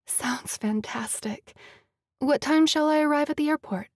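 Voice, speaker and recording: Een vrouw die een zachtjes speelse jonge vrouw speelt. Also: female voice, high-pitched, flat delivery, fast talker, no echo, studio quality, pitched above the performer's own voice, lightly acted. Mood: hushed, playful. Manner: hushed and playful. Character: guarded young woman in love, playful.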